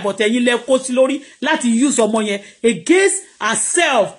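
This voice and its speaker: A woman's voice: high voice, expressive, fast, hardly any pauses. Heated Nigerian woman ranting on a livestream. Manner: heated, preachy, scolding. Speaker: vlogger. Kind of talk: live-streamed rant.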